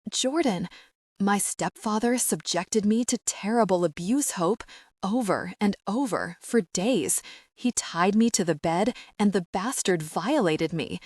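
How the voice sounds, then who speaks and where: A woman's voice: mid-range voice, animated, measured pace, no room sound, clean studio sound. A woman reading the lines of an anguished young man confessing old trauma, in a strained, choked voice. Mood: broken. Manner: strained, choked, hissing delivery. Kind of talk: audiobook character reading.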